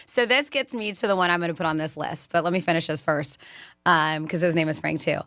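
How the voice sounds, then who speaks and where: Bright-voiced chatty woman radio host. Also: low-pitched, brisk, dry recording, studio quality. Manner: chatty, animated, laughs often. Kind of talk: casual radio chat. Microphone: studio microphone.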